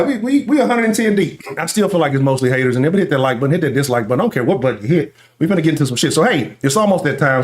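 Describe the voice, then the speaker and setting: Ranting profane Houston sports host, echoey room. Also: male voice, on the high side. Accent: Houston Texas. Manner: loud, profane and ranting, reading chat. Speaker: sports talk show host. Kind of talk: live-stream sports talk.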